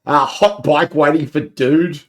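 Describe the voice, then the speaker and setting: A man's voice: fairly high pitch, unhurried. A man co-hosting a comedy podcast, chatting laid-back about listener comments and laughing along. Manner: laid-back, laughs at stories, says mate. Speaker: podcast co-host. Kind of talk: casual comedic chat.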